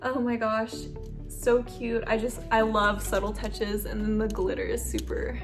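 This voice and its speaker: Gushing high-voiced woman vlogger. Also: a little slow, music in the background. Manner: gushing, excitable, lots of "oh my gosh". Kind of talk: unboxing video chat.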